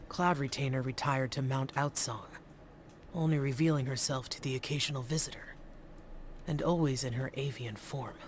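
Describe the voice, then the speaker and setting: A man voicing a calm, courteous immortal spirit in a video game, speaking in measured, formal sentences. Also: medium pitch, a little hiss or hum, close to an everyday voice. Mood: composed. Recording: game audio over loud background music.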